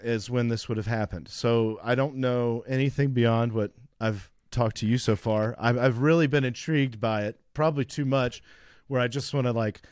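His voice is medium-pitched and a little mellow, with a steady tone and moderate pace. He's a man in his thirties co-hosting a podcast, chatting casually through rambling stories with frequent laughter, recorded with clean studio sound and no room sound.

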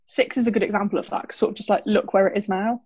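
A woman hosting an interview, asking curious follow-up questions in a relaxed way. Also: mid-range voice, fast, breathy edge, dry recording. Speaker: interviewer, podcast host. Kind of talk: casual interview chat.

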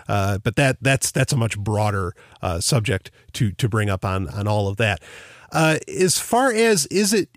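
A man's voice: medium pitch, no room sound, clean studio sound. A man hosting a podcast, musing in casual conversation with lots of fillers and restarts. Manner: rambling, thinking aloud with many fillers and restarts. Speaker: podcast host.

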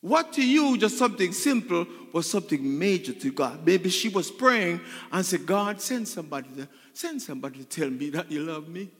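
A male pastor preaching with a high, swooping voice, his lines bright and ringing. He keeps repeating phrases and calling out to the congregation for an amen. The sound carries a long reverb, as if from a large church hall. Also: expressive, normal speed, hardly any pauses, husky. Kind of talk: sermon. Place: church sanctuary.

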